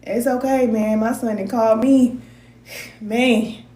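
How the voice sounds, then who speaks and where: A woman's voice: on the high side, fairly even intonation, slow, dark tone. Chatty woman giving a spiritual reading. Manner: chatty and rambling, reading out viewer comments. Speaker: spiritual advisor. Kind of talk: casual livestream spiritual reading. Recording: roomy sound with faint noise.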